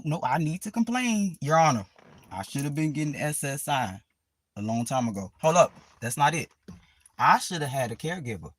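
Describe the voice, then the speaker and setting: A woman's voice: deep voice, husky, no room sound. A woman vlogger in a profane, sarcastic ranting monologue, full of dramatic asides.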